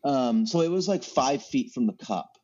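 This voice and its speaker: A man's voice: medium pitch, lively intonation, normal speed, darkish tone, dull audio. A man chatting as a podcast guest, rambling through stories with lots of fillers and restarts. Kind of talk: casual chat.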